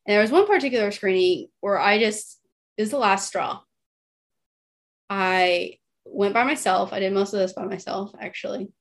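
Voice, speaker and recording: A woman's voice: medium pitch, moderate pace. A woman in her thirties from Texas, an animal chiropractor giving a chatty slide presentation to other practitioners, often checking in with "right?" and turning emotional at times. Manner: chatty, keeps asking "right?", emotional in places.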